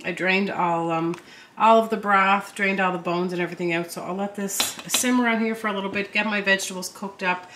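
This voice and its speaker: A woman's voice: mid-range voice, steady tone, a little fast, background noise. A woman from Eastern Canada, a stay-at-home mom chatting casually as she cooks in her home kitchen, with frequent ums. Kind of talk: casual vlog narration. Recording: echoey room, faint ambience.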